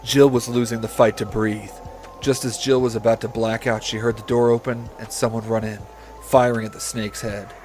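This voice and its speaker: A man hosting a comedy podcast, reading a story aloud in a deadpan voice that he breaks with swearing and asides. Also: medium pitch, normal speed, soft background music. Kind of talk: comedic read-aloud with banter.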